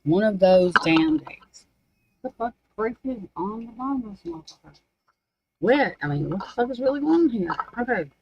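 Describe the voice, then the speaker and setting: This spiritual card reader has a slightly high voice with big pitch swings and talks at normal speed, scattered and muttering curses to herself during a casual livestream. The desk-mic audio has its highs cut off and some background noise.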